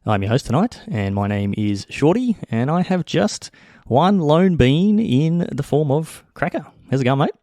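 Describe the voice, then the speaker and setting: A man's voice: a little high, big pitch swings, normal speed, warm tone, dry recording. A man hosting a podcast in casual chat, laughing often as he talks. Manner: laughs often while talking. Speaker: podcast host.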